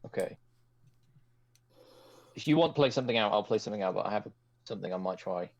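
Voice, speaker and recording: A man's voice: lowish voice, animated, fast, lo-fi sound. A man playing a tabletop game, asking hesitant questions about his options. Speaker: player.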